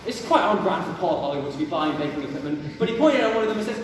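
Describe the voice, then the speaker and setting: A man's voice: fairly high pitch, expressive, racing, background noise. A young man doing a stand-up routine, telling rambling, jokey stories on a stage mic. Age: young adult. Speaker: stand-up comedian. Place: university comedy gig venue indoors. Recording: echoey hall from far off with audience.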